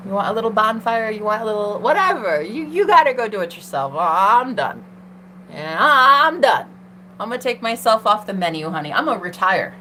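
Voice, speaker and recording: A woman's voice: mid-range voice, pushed and bright, slight background noise. A young woman hosting a tarot livestream, talking in a sassy, swearing, casual monologue to herself and her chat. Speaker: tarot reader and livestream host.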